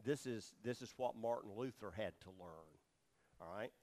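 A man's voice: mid-range voice, expressive, measured pace, darkish tone. A man teaching a Bible study sermon, explaining words and asking his listeners questions as he goes. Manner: explanatory, asks the audience questions, many fillers. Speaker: preacher teaching scripture.

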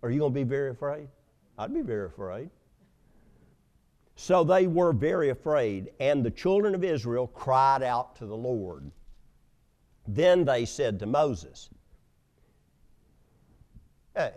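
A man preaching a sermon, telling stories with loud emphasis and hushed asides. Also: medium pitch, sing-song, a little slow, long pauses. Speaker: pastor.

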